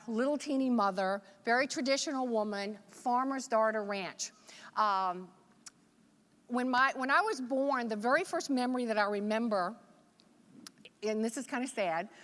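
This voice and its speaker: A woman's voice: a little high, a bit bright. A woman from Virginia giving a motivational keynote speech at a conference, telling folksy, joking stories. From Virginia, USA. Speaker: motivational speaker. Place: large conference hall. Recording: echoey conference hall.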